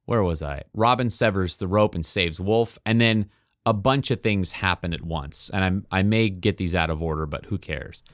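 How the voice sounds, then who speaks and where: A man's voice: sits low, moderate pace, no room sound, studio quality. A man co-hosting a podcast, casually recapping a movie scene by scene and acting out the characters' lines. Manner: animated storyteller acting out quoted lines. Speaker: podcast co-host.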